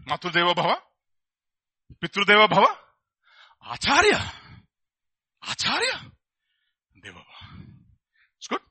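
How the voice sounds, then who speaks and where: A man preaching a lively sermon, asking his listeners rhetorical questions and acting out the people in his stories. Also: high-pitched, breathy edge, no echo.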